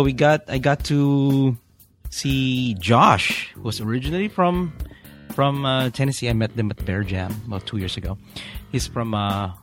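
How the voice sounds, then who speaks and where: Podcast guy rambling on, lots of uhs, soft guitar music underneath. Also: medium pitch. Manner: chatty, rambling with many fillers and laughs. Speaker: podcast co-host. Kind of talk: casual chat. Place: Houston, Texas studio.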